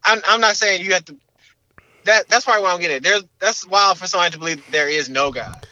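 High-pitched young man, slangy and animated. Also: fast, lo-fi sound. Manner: animated, slangy, repeats filler words. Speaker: podcast co-host. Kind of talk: casual podcast chat.

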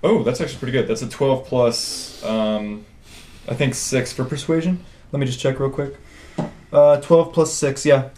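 A man playing in a tabletop game, describing his moves with lively energy. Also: mid-range voice, normal speed, slight background noise. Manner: lively, shouts in character. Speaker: player. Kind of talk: casual tabletop play.

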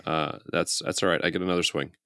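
A man playing a tabletop game, thinking aloud in a relaxed way with many ums. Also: deep voice, fast talker, heavy background noise. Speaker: player. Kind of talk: casual tabletop game chat.

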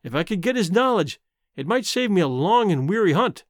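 A man narrating a novel as an audiobook, in a measured, expressive storytelling manner. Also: high-pitched, no room sound, clean studio sound. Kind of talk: scripted narration.

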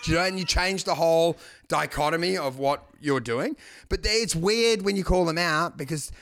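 A crude, joking man with a somewhat high voice chats in a dry, close room. He riffs fast and acts out what other people say. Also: fairly bright tone, clear, resonant tone, no echo. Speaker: comedian. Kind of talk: casual podcast chat.

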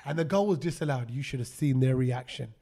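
A man hosting a casual podcast chat, telling an animated story and acting out his friends' lines. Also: mid-range voice, a little fast. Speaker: podcast host.

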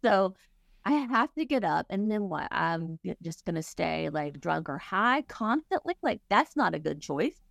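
A woman's voice: on the low side, very animated, unhurried, vocal fry, fairly bright tone, dry recording, clean studio sound. A middle-aged woman, a grief counselor, speaking candidly and earnestly in a conversational interview, acting out her own past thoughts as she talks.

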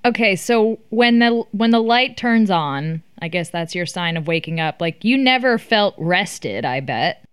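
Woman host, super animated voice, playful, asks fan questions, dry close sound. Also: fairly low pitch, unhurried, few pauses, clean tone, dry recording. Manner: playful, laughs often, reads out fan questions. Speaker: interview host. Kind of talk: casual interview chat.

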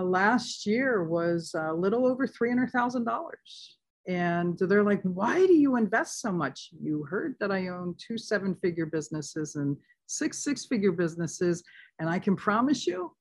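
A woman's voice: mid-range voice, lively intonation, a little slow. A woman speaking emphatically in a motivational way as a guest in a casual conversation.

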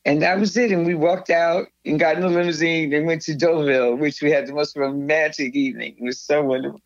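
An older woman, a guest in an interview, recounting a memory in a rambling, animated way, often restarting her sentences. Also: low voice, a little fast, dry recording. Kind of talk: storytelling in a conversational interview. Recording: slightly dull, dry sound.

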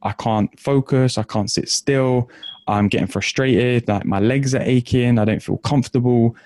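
A man's voice: medium pitch, normal speed, darkish tone, natural voice. A man voicing a young male meditation student who bursts in pleading urgently to his master. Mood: frustrated.

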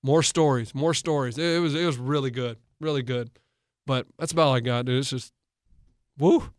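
A man's voice: mid-range voice, fairly quick, no room sound, clean studio sound. A man, a coach and co-host, in casual sports talk, telling stories eagerly with many restarts. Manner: animated storyteller, retells others' words with many restarts.

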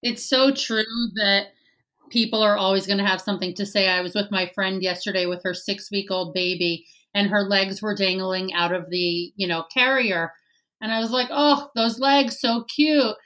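A woman hosting a casual interview, asking questions and sharing a lively anecdote. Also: medium pitch, normal speed. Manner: engaged, asks questions, tells lively anecdotes. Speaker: host.

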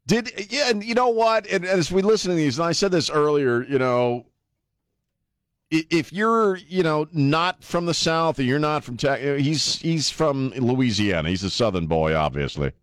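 A man from the northern US hosting a casual talk radio show, rambling with many restarts and excited reactions. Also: fairly high pitch, moderate pace, no echo, clean studio sound. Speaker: radio host.

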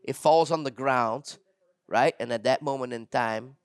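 A man with a gravelly, mid-pitched voice tells a dog-training story in loose, casual chat. He acts out the people in it and laughs as he goes. The sound is dry and close. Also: measured pace, dry recording. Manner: animated storyteller, acts out quotes, laughs often. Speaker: dog trainer and podcast host.

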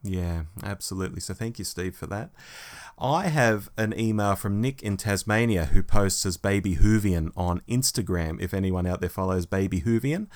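Man, podcast co-host, fairly low voice, animated reading of listener mail. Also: normal speed. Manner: lively, animated email reading. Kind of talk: casual podcast chat, reading listener emails.

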